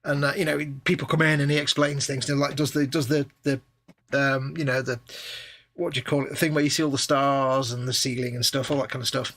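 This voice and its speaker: Quick, husky man joking around. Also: medium pitch, little pitch movement, fairly bright tone. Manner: joking, teasing banter while painting models. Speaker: co-host of a live modelling stream. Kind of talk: casual live-stream chat.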